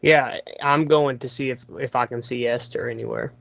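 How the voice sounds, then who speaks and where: A man's voice: mid-range voice, fairly even intonation, normal speed, vocal fry, fairly bright tone, dry recording. A man playing in a tabletop game, giving brief answers. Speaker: player. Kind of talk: casual tabletop play. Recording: dull lo-fi sound, dry room.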